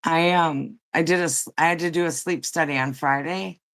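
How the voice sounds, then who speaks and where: A woman's voice: sits low, fairly even intonation, normal speed, a bit bright. A woman hosting a casual livestream who has just woken up, chatting and rambling, greeting viewers by name. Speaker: livestream host.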